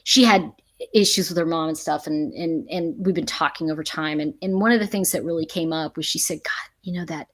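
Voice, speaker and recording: A middle-aged woman with a low voice hosts a casual livestream, talking to her viewers at a fairly quick pace. She speaks with emphasis and laughs often between points.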